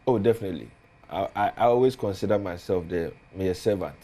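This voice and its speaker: A man's voice: deep voice, fairly quick, warm tone. A man with a Ghanaian accent, a politician guest on a studio talk show, speaking earnestly and building emphasis as he lists points.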